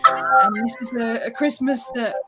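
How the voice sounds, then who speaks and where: A woman's voice: on the high side, huge pitch swings, measured pace. A woman performer at an online charity gig, talking in a flustered, giggly, self-deprecating way. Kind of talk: casual chat between songs. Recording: loud music behind the voice.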